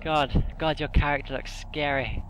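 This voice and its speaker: A man's voice: on the high side, steady tone, normal speed. A young man hosting a let's play, panicky and out of breath, swearing and jumpy as he plays. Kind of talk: casual gaming commentary. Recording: noisy home recording.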